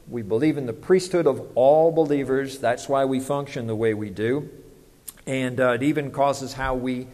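A man's voice: medium pitch, darkish tone. A man, preaching a sermon as pastor, conversational and full of rhetorical questions. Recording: long hall reverb.

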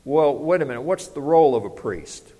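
Pastor, a touch high-pitched, talks to his flock with questions and answers, long church reverb. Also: lively intonation, brisk, warm tone. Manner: conversational preaching with rhetorical questions. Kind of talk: sermon.

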